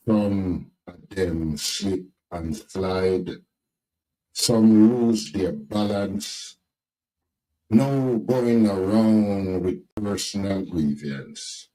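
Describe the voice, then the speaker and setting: A male announcer opens the show with a very deep, dark voice. He delivers each line at an unhurried, heavy pace, with rhymes that give it the feel of a recited piece. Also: poor audio. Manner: slow, weighty rhyming delivery. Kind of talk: dramatic spoken show intro.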